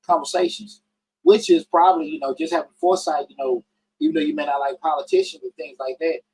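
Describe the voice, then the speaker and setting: A man hosting a casual call-in podcast, talking in bursts with frequent restarts and emphatic upward pitch jumps. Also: huge pitch swings, fast talker, vocal fry, a little mellow, no echo, poor audio. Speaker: podcast host.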